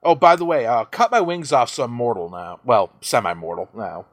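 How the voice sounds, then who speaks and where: A man's voice: medium pitch, fairly quick, dry recording, clean studio sound, lightly acted. A man voicing a flippant male fallen angel who is brushing off his duties, in a sarcastic tone. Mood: dismissive. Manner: dismissive, sarcastic.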